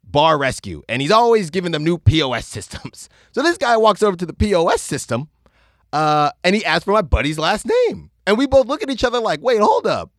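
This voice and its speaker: A man's voice: high voice, sing-song, fairly quick, no room sound, studio quality. A man hosting a podcast, telling a story in a casual monologue and mocking bartenders with impressions. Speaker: podcast host.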